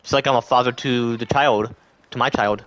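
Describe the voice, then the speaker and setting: A man's voice: medium pitch, steady tone, normal speed, a bit bright, dry recording. A man streaming live, rambling casually to his chat in a loose, stream-of-thought way and acting out other people's lines as he goes. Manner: acts out quoted voices. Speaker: livestreamer.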